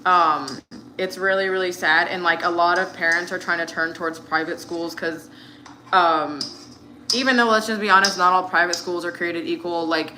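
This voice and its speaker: A woman's voice: fairly low pitch, normal speed, pushed and bright, slight background noise. An American woman in her thirties, chatting casually while cooking, rambling with lots of fillers. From United States. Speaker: vlogger.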